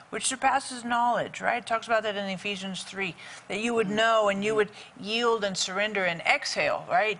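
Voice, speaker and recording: Bright encouraging woman host. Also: medium pitch, slight background noise, poor audio. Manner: upbeat, encouraging, invites viewers to call. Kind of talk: talk show hosting.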